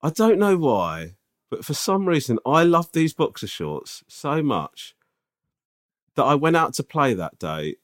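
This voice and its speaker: Lively man chatting on a podcast. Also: fairly high pitch, measured pace. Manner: animated, self-mocking storyteller. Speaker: podcast co-host. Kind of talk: casual chat.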